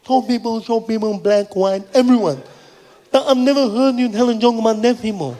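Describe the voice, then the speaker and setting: A man's voice: very high-pitched, fairly quick, voice pushed up. A comedian, putting on the voice of an eager, blunt young man who is partially deaf and keeps pressing his point. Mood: insistent. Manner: loud, insistent, pushy.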